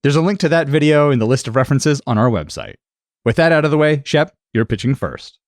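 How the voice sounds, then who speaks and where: Male podcast host, animated delivery, dry close sound, chatty. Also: mid-range voice, quick pace, dry recording. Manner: laughs often, chatty. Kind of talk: casual chat.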